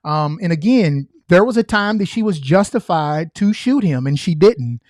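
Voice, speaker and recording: A man's voice: sits high, animated, moderate pace, a little mellow, no echo. Earnest former trooper man, dry close voice. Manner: earnest, emphatic, repeats key points. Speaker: former state trooper reacting to footage. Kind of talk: reaction commentary.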